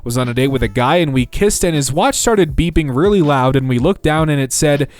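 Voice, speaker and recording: A man narrating internet posts aloud in an animated, comic storytelling manner. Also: a little high, fairly quick. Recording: faint background music.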